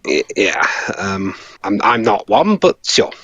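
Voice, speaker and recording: A man's voice: fairly low pitch, wildly swooping pitch, takes it slowly, a bit bright, slightly rough, dry recording. A man co-commentating a game with friends, with dry, sarcastic remarks. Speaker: let's play co-host. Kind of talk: casual group commentary.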